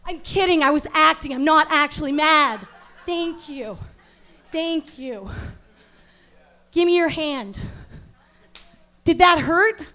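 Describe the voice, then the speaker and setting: A woman performs stand-up at a comedy venue, posing as a self-serious acting coach. Her voice sits very high, and her deadpan lectures flip into sudden outraged yelling. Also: slow pace, pauses often. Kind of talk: stand-up comedy set with crowd work.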